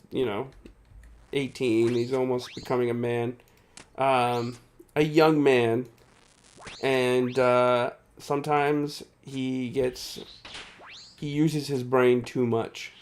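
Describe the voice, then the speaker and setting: A weary male streamer speaks slowly in a mid-range, slightly mellow voice with a steady tone. He chats casually about the game he's playing live, picks up and replies to viewer comments, and laughs often.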